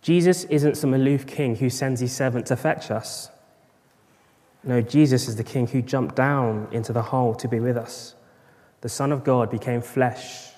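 A man's voice: medium pitch, a little mellow. A man preaching a sermon at a morning church service, rhetorical, with bursts of emphasis. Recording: long reverb of a large church hall.

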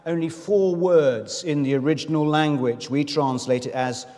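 A man's voice: on the high side, expressive, normal speed, hardly any pauses, warm tone. A man preaching as a visiting minister, chatty and self-deprecating, with asides to the congregation. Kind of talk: sermon. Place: church in London. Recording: reverberant church hall.

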